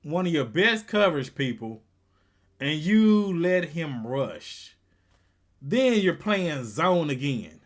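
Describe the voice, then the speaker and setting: Watch-party streamer, man, high and lively voice, laid-back slow delivery, playful trash talk. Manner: animated, laughs often, slangy and teasing. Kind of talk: casual live reaction chat.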